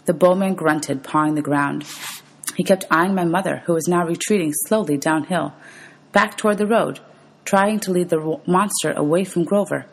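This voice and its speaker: A woman teacher reads a novel aloud to her class. Her voice is low and husky, with a gravelly fry at the ends of phrases. She tells the story steadily and calls out page numbers. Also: normal speed, poor audio. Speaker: teacher reading to her students.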